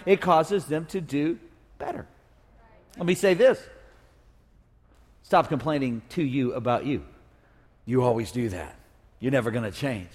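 A man preaching a sermon as pastor, joking and drawing call-and-response from his congregation. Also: high-pitched. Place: church sanctuary. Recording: long reverb of a church hall.

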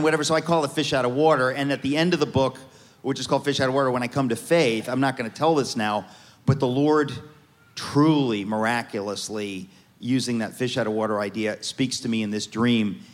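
Animated joking man in a reverberant hall. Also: mid-range voice. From United States. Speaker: guest author. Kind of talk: storytelling interview on stage.

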